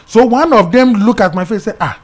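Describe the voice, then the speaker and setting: In a high, fairly quick voice, a middle-aged man with a Ghanaian English accent tells his own story as an interview guest. He acts out the voices animatedly and often drops to a hush.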